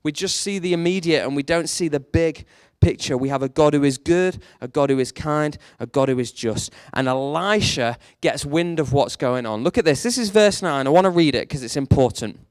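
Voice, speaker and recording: A male preacher giving a sermon in a fairly high voice, telling the story with lots of animation. He drops low and quiet, then pushes out strong lines, and the sound is close and dry. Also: moderate pace, few pauses, clear, resonant tone, dry recording. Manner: animated storytelling, swings between hushed and emphatic.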